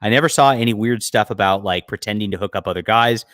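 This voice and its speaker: A man's voice: fairly low pitch, fast, a bit bright, dry recording, studio quality. A man hosting a livestream, giving blunt, mocking commentary on a clip, with frequent fillers. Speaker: livestream host. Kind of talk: casual commentary over a clip.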